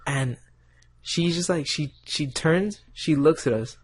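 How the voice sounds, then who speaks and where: A man co-hosting a casual podcast with a friend, talking in a relaxed, teasing way with stumbles and restarts. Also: fairly high pitch, takes it slowly, husky, dry recording. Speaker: podcast co-host. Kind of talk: casual chat.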